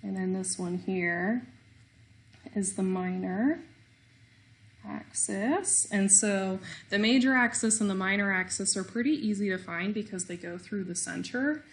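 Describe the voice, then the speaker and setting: A woman's voice: medium pitch, a little slow. A woman teaching a recorded math lesson, explaining step by step with small self-deprecating jokes.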